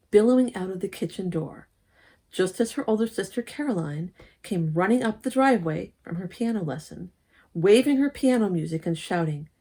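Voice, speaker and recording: A woman reading a children's story aloud at a church service, lively and expressive, with asides to the listeners. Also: medium pitch, normal speed. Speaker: lay speaker at a church service.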